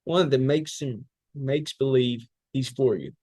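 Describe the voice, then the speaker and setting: A man's voice: mid-range voice, unhurried, darkish tone, dry recording. A man in a public speaking class, reciting a political speech as fiery oratory full of rhetorical questions and repeated phrases.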